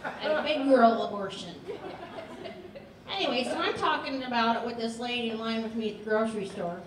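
A woman's voice: a little high, fairly quick. A woman performing a live stand-up comedy set, telling stories in a chatty, dry way. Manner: chatty, dry storytelling delivery. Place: comedy theater stage with audience. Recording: echoey theater, distant mic, loud crowd laughter. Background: audience laughter.

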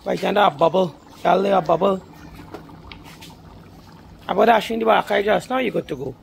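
A woman with a Guyanese Creole accent chats casually with her viewers while cooking for guests at a backyard cookout, coaxing a small child along the way. Her mid-range voice moves at normal speed with some vocal fry, over slight background noise.

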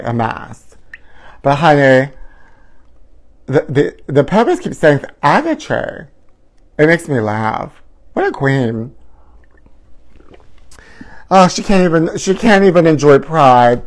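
A man hosting a live gossip show, flamboyant and sing-song, calling his viewers honey. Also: a little high. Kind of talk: campy live-stream gossip chat.

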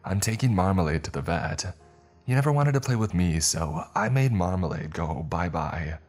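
A man's voice: low-pitched, animated, moderate pace, soft background music. A man voicing a giggling psychopathic teen girl. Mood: taunting. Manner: taunting, giggling, sing-song menace. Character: gleeful psychopathic teenage girl, cruel and mocking.

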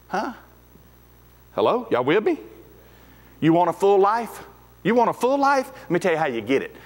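Folksy pastor preaching in a hall. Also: male voice, mid-range voice, husky. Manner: folksy, emphatic, rising to shouts at climaxes. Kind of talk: sermon. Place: church sanctuary. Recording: echoey hall with faint music.

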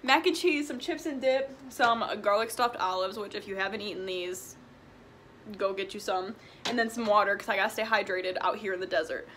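Bright, chatty young woman vlogger. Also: mid-range voice, brisk, a little hiss or hum. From Wilmington, Illinois, USA. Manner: chatty, upbeat, rambling. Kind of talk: casual chat while eating. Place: at home, indoors.

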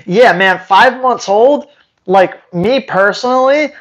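With a high, slightly bright voice, this man speaks slowly through audio with the highs cut off. He trains dogs and fields live-stream questions from viewers, blunt and emphatic, hammering his points by repeating them.

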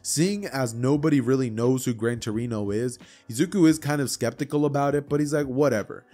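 A man casually narrating a fan story, chatty and loose, with quick asides. His voice sits at an ordinary pitch, and faint music plays underneath. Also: warm tone. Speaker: YouTube storyteller.

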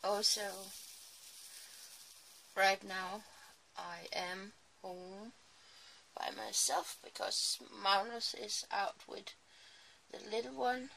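A woman's voice: mid-range voice, expressive, slow pace, vocal fry, long pauses, pushed and bright, slight background noise. A woman chatting casually and sleepily while crafting in her small home craft room, rambling with apologetic asides. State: sleepy, early morning. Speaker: crafting vlogger.

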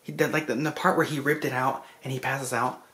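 A vlogger casually recapping a film in an effusive, rambling way, full of restarts and asides, clearly moved by the story. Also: mid-range voice, fairly even intonation, brisk, pushed and bright. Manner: emotional about the story.

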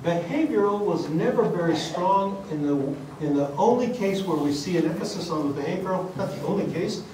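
A man's voice: fairly high pitch, darkish tone, slight background noise. Echoey lecture by a hesitant man. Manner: deliberate, with frequent fillers and restarts. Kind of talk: academic conference lecture. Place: conference hall. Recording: echoey hall, mic at a distance, faint ambience.

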